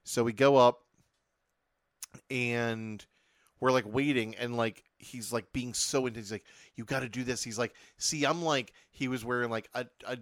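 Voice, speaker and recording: A man's voice: mid-range voice, fairly even intonation, a little slow, dry recording, studio quality. A man co-hosting a casual podcast, telling a rambling story with lots of fillers. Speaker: podcast co-host. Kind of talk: casual chat.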